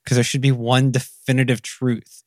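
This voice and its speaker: A man's voice: mid-range voice, flat delivery, normal speed, no echo, clean studio sound. A man with a Southern US accent, co-hosting a casual technical talk with self-deprecating, rambling asides. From American South. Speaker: podcast co-host.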